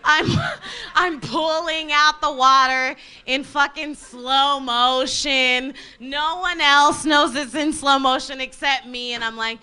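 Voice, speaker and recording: A woman's voice: sits high, steady tone, slow, sharp tone. A woman telling a comic story about herself, rambling, laughing often and swearing casually.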